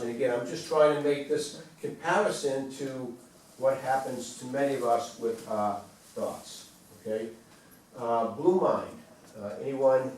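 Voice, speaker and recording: This is a man with a mid-range, somewhat mellow voice leading a wellness talk for a small audience. Conversational in style, he questions the group and repeats himself for emphasis. The sound is distant and reverberant, with a little room noise.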